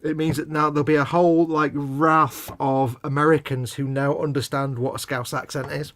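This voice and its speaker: A man's voice: a little high, flat delivery, normal speed, fairly bright tone, dry recording. A man co-hosting a live hobby stream, joking around and reading out viewer questions. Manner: jokey, breaks into silly singing. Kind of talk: casual banter while painting models.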